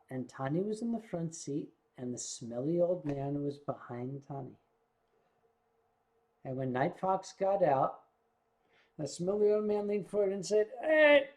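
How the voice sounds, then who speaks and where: A man's voice: high voice, darkish tone. An older man, a vlog host, telling rambling anecdotes in casual storytelling style with asides to his viewers.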